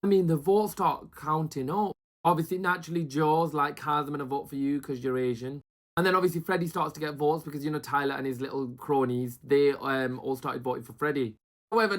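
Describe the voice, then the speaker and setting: A man giving a chatty, gossipy recap of a reality show, slipping into quick impressions of the people he talks about. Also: medium pitch.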